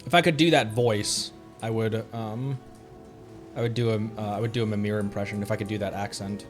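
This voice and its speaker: A man's voice: on the low side, fairly even intonation, a little fast, faint music behind. A man streaming a video game live, rambling casually and laughing at his own slips. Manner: chatty, rambling, laughs often at himself.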